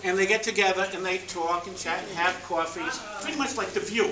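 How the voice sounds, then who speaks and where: A man telling family stories and deadpan jokes over old slides at a family party. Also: high voice, brisk. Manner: deadpan joke-telling with laughter. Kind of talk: joking slideshow storytelling. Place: party room with guests at tables. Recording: echoey room, voice from far off, noisy.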